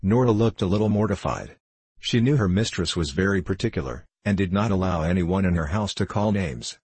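A man reading a children's storybook aloud in a measured, even way. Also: low voice, husky, dry recording. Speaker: audiobook reader. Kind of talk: scripted narration of a children's book.

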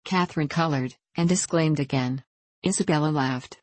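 A woman narrating a classic audiobook at a measured pace. Her voice is low for a woman, close-miked and dry, with no room sound. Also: no echo. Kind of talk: scripted narration.

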